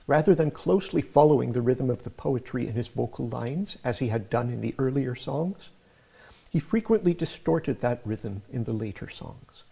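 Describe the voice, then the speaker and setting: A male lecturer talks through his scripted material in a measured, explanatory manner. His voice is gravelly and mellow, with a slightly husky edge. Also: medium pitch, expressive. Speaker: music lecturer. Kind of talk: scripted academic narration.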